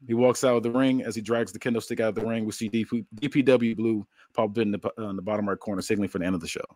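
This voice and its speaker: A man's voice: fairly low pitch, steady tone, very fast, hardly any pauses, darkish tone, dry recording. Man recapping with lots of ums. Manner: storytelling recap with many ums and uhs. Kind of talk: casual podcast chat, recapping a fantasy wrestling show.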